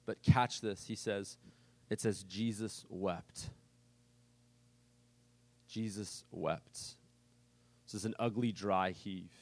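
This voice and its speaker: Earnest, casual-sounding male pastor, low voice. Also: no echo. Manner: earnest, conversational, swings from loud emphasis to soft. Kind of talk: sermon.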